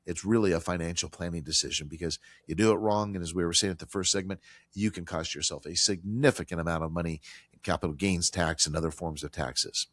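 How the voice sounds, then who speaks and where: A man with a very low, deep voice hosts a financial talk show. He keeps it conversational and animated, slipping into quoted voices as he walks through the scenarios. The sound is dry and close, with no room echo at all. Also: quick pace. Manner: animated, acts out landlord and tenant quotes. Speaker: radio show host.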